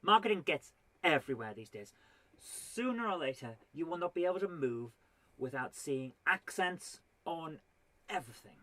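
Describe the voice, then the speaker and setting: A woman's voice: low voice, animated, moderate pace, fairly bright tone, no echo. A woman performing a stand-up comedy routine, full of exasperated rhetorical questions and mock indignation.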